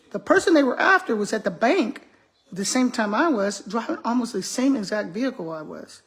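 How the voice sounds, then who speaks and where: A woman's voice: medium pitch, slightly rough. A middle-aged retired school principal, a woman, chatting casually to her viewers and acting out the quotes in the stories she tells. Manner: animated, laughing storyteller acting out quotes. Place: home kitchen.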